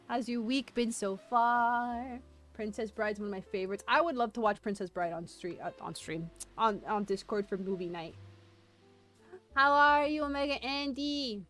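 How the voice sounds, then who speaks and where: A woman streaming a history presentation live, excitable and self-deprecating, laughing often and reading chat aloud. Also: fairly high pitch, unhurried, pauses often. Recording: faint music behind voice.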